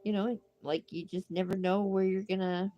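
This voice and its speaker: A woman's voice: mid-range voice, fairly even intonation, moderate pace, warm tone. Older lady, stuffy nose, rambly crochet chat on a propped-up phone. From Idaho, United States. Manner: chatty and rambling, many fillers. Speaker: crochet livestream host. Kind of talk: casual chat while crocheting. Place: home craft room.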